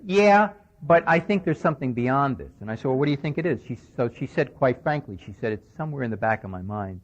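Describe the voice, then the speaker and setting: A man giving a conversational lecture, recounting a conversation and speaking with emphasis, on an old radio recording. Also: mid-range voice. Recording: dull lo-fi 1990s radio recording.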